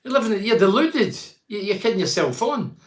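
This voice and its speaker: A man's voice: sits high, very animated, fairly quick, roomy sound. An older man from Teesside, hosting a casual chat show, reads out viewer comments and gives blunt, rambling opinions. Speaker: host reading viewer comments.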